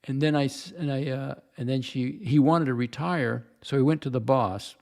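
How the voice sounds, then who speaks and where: A man's voice: mid-range voice, steady tone, moderate pace, creaky, a little mellow. An older man hosting a livestream, telling rambling stories in casual chat and reading out viewer comments. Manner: chatty storyteller, repeats himself, reads chat comments. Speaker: livestream host.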